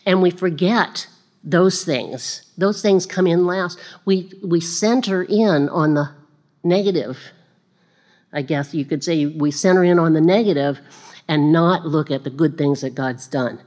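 A woman giving a conversational sermon, chatty and self-deprecating, with laughing asides, and growing animated as she retells stories. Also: deep voice, a little slow.

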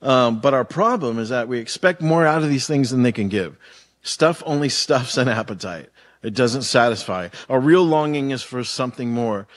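A man's voice: medium pitch, expressive, moderate pace. Chatty, laid-back male pastor. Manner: chatty storytelling with slang and many fillers. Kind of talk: casual conversational sermon.

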